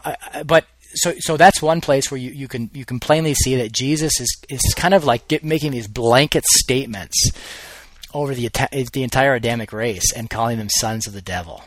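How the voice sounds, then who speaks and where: A man's voice: medium pitch, fairly quick, no echo. Conversational male Bible teacher, dry sound. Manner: conversational, thinking aloud with frequent restarts.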